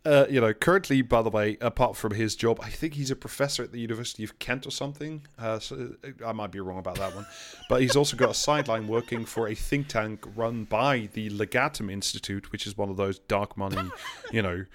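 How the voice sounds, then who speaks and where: A man's voice: fairly low pitch, a little fast. A man co-hosting a casual, sweary political podcast, rambling through his points. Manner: rambling, sweary, reads quotes aloud. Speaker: podcast co-host.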